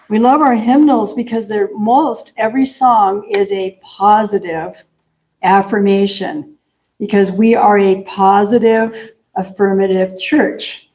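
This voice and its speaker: Slow-spoken woman minister. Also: mid-range voice. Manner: gentle, chatty, laughs often. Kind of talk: sermon. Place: church sanctuary.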